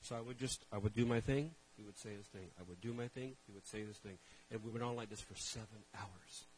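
A man preaching as a pastor, telling a story with animated shifts from hushed asides to loud outbursts. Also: fairly low pitch, fairly quick, a little hiss or hum, low-quality recording. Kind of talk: sermon storytelling.

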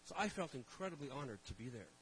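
A man preaching as a pastor, telling a story with animated shifts from hushed asides to loud outbursts. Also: mid-range voice, quick pace, a little hiss or hum, low-quality recording. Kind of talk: sermon storytelling.

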